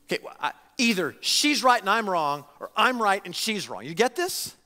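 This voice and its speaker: A man in his forties preaches from the pulpit with a high, bright voice that rises and falls dramatically. He acts out the voices of imagined listeners as he makes his points. The sound carries a long reverb from the church sanctuary. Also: normal speed. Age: 40s. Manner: animated preaching, acts out the voices of people he quotes. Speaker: pastor. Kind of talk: sermon.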